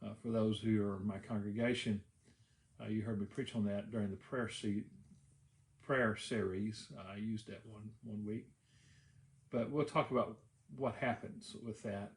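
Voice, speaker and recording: A man's voice: lowish voice, fairly even intonation, normal speed, creaky, reverberant. A pastor preaching a sermon, telling the story in an easy conversational way, often restarting his phrases.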